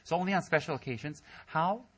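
A man's voice: fast, breathy edge. A man giving a humorous Buddhist dharma talk to his students, telling stories and mimicking people in squealing voices. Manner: animated storytelling, mimics students in high squeals. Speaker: Buddhist teacher. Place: teaching center hall.

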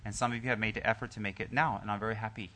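A man who is a Buddhist teacher giving a Dharma teaching to his group, joking at first and then telling a story in a calm, soft way with many pauses and restarts. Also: lowish voice, slight background noise.

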